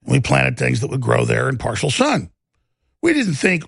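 A man's voice: medium pitch, very animated, normal speed, gravelly, fairly bright tone, breathy edge, no room sound, studio quality. A middle-aged man hosting a combative political commentary, rambling and scornful. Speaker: host.

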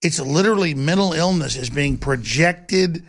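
A man hosting a talk show, rambling and emphatic, with wide swings from low growl to high outbursts. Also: expressive, normal speed. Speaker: host. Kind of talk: heated talk-show monologue.

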